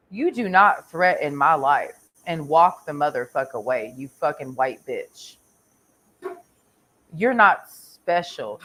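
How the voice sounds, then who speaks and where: A Texas vlogger with a deep, slightly bright voice delivers a crude, confrontational rant. Her monologue is full of constant swearing and rambling that trails off on "and."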